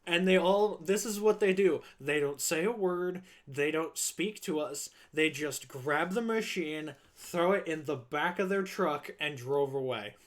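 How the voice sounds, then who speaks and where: A man's voice: a little high, a little slow, few pauses. A young man streaming, telling a long work story casually and acting out the people in it. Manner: animated, acts out quoted people in voices.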